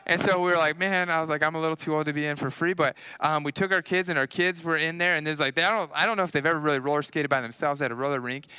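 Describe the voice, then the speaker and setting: A man in his thirties preaching a casual sermon, telling personal stories in an animated way and acting out what people said. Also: fairly high pitch, very fast, hardly any pauses, smooth, dry recording. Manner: casual, animated storytelling with acted-out quotes. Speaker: pastor.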